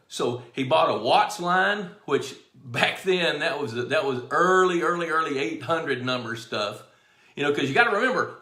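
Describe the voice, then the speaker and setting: A middle-aged man hosts a live stream in an easy, folksy storytelling way. His voice sits a little high and sounds bright and forward. The room around him rings with echo. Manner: folksy storyteller, greets viewers by name. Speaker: show host. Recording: echoey room.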